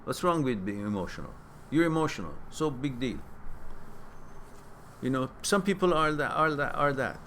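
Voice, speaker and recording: A man hosting a question-and-answer stream, giving casual spoken advice that turns animated as he stresses points and repeats words. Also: mid-range voice, normal speed, slight background noise. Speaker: host answering viewer questions.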